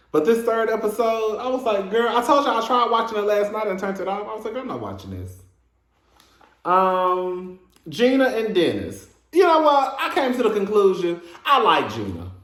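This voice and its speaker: Here a high-pitched man, heard in a reverberant space, gossips about a reality show episode. He's sassy and animated, laughing frequently and saying "girl" as he gives his casual take.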